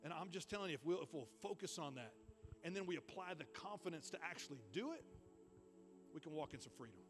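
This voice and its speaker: A man preaching a sermon in a church, telling stories with lots of energy and repeating words when he gets excited. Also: a little high, fast talker, music in the background. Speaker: pastor.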